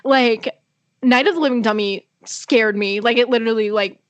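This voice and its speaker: A young woman co-hosting a podcast in casual chat, reacting with quick interjections and easy laughter. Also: a little high, no room sound, highs cut off. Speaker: podcast co-host.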